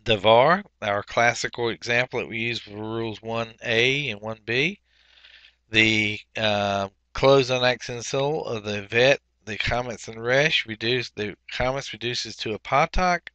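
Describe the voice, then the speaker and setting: Slow, bright-voiced male Hebrew teacher. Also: medium pitch, no echo, lo-fi sound. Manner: methodical, pauses often with fillers while explaining. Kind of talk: recorded workbook walkthrough lesson.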